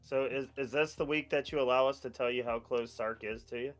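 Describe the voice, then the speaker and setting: A man's voice: mid-range voice, fairly even intonation, fairly quick, soft background music. A man co-hosting a casual podcast, teasing and swearing. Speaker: podcast co-host.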